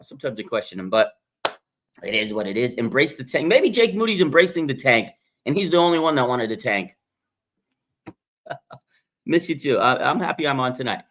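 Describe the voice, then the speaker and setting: Excitable man hosting a fan livestream. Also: mid-range voice, moderate pace, pauses often. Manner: excitable, laughs and rants, voice jumps up when hyped. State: has a bloody nose. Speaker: sports fan livestream host. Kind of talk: casual live reaction chat.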